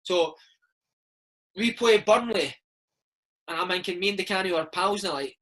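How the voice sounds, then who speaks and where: A Scottish man in his thirties, a former footballer, telling animated stories in a casual interview and slipping into impressions. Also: high-pitched, moderate pace, rough recording. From Scotland. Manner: animated storyteller, slips into impressions of his old coach.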